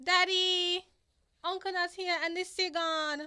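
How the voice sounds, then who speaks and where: A woman's voice: very high voice, flat delivery, measured pace, sharp tone, dry recording, clean studio sound, heavily acted. A woman playing a cheeky little schoolboy in a comedy sketch, chirpy and childlike. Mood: chatty.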